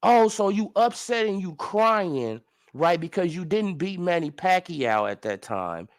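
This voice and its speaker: A man's voice: high voice, big pitch swings, a little slow. A man ranting in sports commentary as a vlogger, profane and incredulous, firing off heated rhetorical questions.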